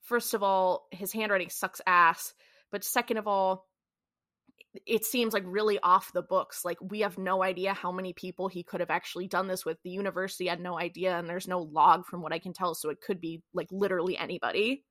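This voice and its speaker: Bright-voiced woman recapping a show. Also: on the low side, fairly even intonation, fairly quick, no room sound, studio quality. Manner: retells scenes, acting out characters' lines. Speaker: podcast co-host. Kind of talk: casual recap chat.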